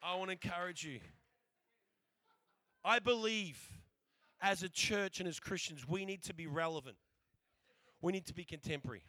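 Australian male preacher, animated storyteller, very high pitch, repeats words. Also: moderate pace, long pauses. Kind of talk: sermon with funny storytelling.

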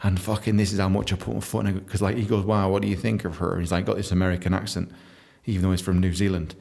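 A young man telling stories in a casual, profane, animated monologue, often laughing and mimicking other people. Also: low-pitched, racing, creaky. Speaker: podcast host telling stories from his book.

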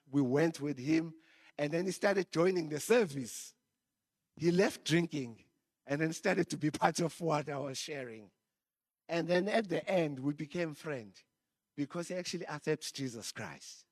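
A man's voice: fairly high pitch, dry recording, studio quality. A man preaching a sermon, telling a personal story and chuckling often.

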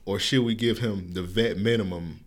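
A man's voice: lowish voice, normal speed. A man co-hosting a podcast in casual chat, joking around and laughing often. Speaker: podcast co-host.

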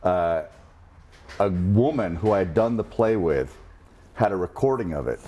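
Low-voiced middle-aged man telling wry stories. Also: animated, normal speed, mellow. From New Jersey. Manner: wry, self-deprecating anecdotes. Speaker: guest. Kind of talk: casual interview storytelling.

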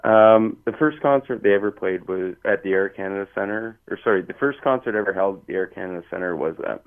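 A man's voice: on the low side, a little fast. A man from Hamilton calling in to a radio show, talking in an emotional, heartfelt, emphatic way. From Hamilton, Ontario. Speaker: caller. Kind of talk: phone-in chat. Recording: tinny phone line.

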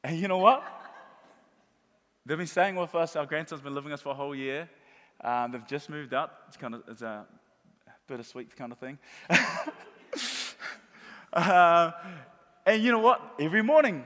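Middle-aged man, preacher, high voice, emphatic repeating delivery, sermon, long echoing reverb of a large hall. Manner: warm storytelling with emphatic repetition.

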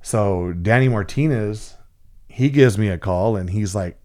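A man's voice: on the low side, normal speed, dark tone. A middle-aged man from Central California telling a story in casual chat, rambling and profane, with lots of fillers and restarts.

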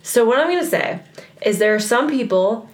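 A woman's voice: fairly high pitch, expressive, moderate pace. Young woman, casual chat, chatty, filler-heavy, echoey room. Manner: chatty, laughing, frequent "like" fillers. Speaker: co-host. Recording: roomy echo.

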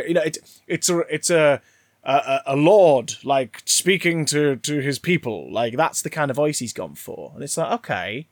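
A man's voice: on the high side, lively intonation, moderate pace, dry recording, clean studio sound. A man casually discussing a film, rambling and swearing with frequent restarts.

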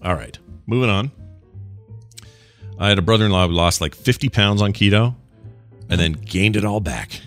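A man's voice: on the low side, moderate pace, pauses often, a bit bright, soft background music. A middle-aged man co-hosting a podcast in casual chat, joking and rambling, with mock rants. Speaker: podcast co-host.

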